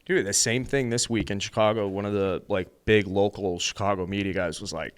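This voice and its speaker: American podcast co-host, 30s, loose and rambling, lots of fillers. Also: male voice, fairly low pitch, fairly even intonation, a little fast, few pauses, clear, resonant tone. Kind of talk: casual sports chat with host-read ad.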